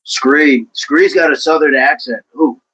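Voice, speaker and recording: Bright-voiced man chatting on a livestream. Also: on the high side, measured pace, slightly rough, muffled recording. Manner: talkative, encouraging, addresses viewers by name. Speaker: livestream host reading chat. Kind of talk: casual livestream chat.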